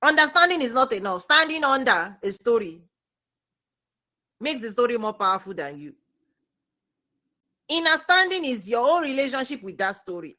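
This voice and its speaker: A woman giving a spiritual teaching talk, preaching with animation, repeating words and swinging between loud and soft. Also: fairly high pitch, very animated, a little slow, long pauses.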